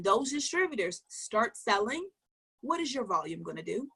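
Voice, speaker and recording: A woman giving an emphatic motivational coaching talk, firing questions at her listeners, repeating key phrases and dropping into low asides. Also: big pitch swings, moderate pace, creaky, sharp tone, slightly rough. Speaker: network marketing coach.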